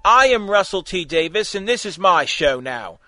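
A man's voice: sits high, sing-song, normal speed, pushed and bright, dry recording, voice pushed up, heavily acted. A man voicing a smug, scheming bespectacled man with a ray gun in a comic fan fiction reading, making grand proclamations.

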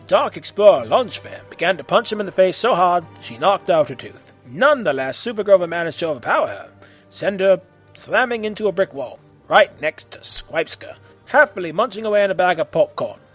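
Brief: male storyteller, husky, high, lively delivery. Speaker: narrator. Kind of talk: amateur audio story narration.

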